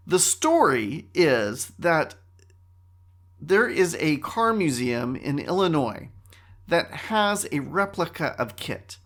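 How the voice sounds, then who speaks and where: This solo podcast host is a middle-aged man whose voice sits a little high. He keeps things casual, animated, and wry, and he tends to interrupt himself.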